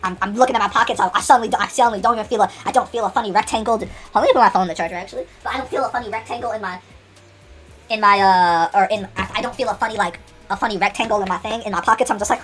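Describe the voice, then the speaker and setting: A woman's voice: medium pitch, very fast, fairly bright tone, faint music behind. A woman telling an unscripted comic story, rambling with many restarts and acting out the dialogue.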